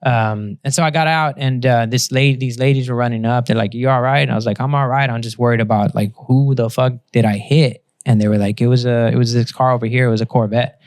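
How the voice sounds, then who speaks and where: A man's voice: medium pitch, fast, few pauses, no room sound, clean studio sound. A man hosting a podcast, telling a story in a casual, profane way and acting out the other people in it. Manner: profane storyteller, lively retelling with put-on voices. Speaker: podcast host. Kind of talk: casual chat.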